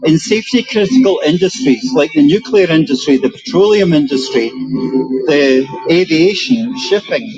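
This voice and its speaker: A Scottish man giving an animated, emphatic speech at an outdoor rally. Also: fairly high pitch, moderate pace, muffled recording, over music. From Scotland. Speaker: rally speaker.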